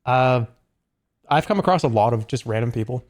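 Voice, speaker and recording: A man's voice: medium pitch, lively intonation, fairly quick. A man chatting casually on a live stream, rambling along with lots of asides and restarts.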